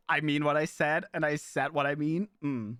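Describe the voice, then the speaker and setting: A man streaming live in casual chat, playful and animated, jumping from excited squeals to low mutters. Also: moderate pace, clear, resonant tone, no room sound.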